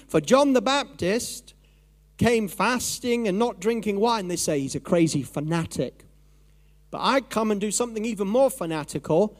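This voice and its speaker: A man preaching a sermon in a lively, conversational way, acting out his own thoughts and voices. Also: high-pitched, normal speed. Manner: animated, conversational, acts out inner voices.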